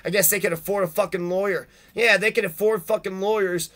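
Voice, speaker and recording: A man with a high, bright, cutting voice rants on and on, swearing constantly and bursting into loud, heated outbursts. He sounds indignant and fired up the whole way through. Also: fairly even intonation, fairly quick. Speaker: video blogger reading legal rules. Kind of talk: profane ranting monologue.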